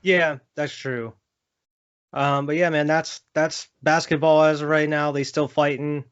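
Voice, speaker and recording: A man's voice: fairly high pitch, flat delivery, unhurried, clear, resonant tone, lo-fi sound. A young man co-hosting a sports podcast, talking loosely with lots of fillers and laughs. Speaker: podcast co-host. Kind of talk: casual sports chat.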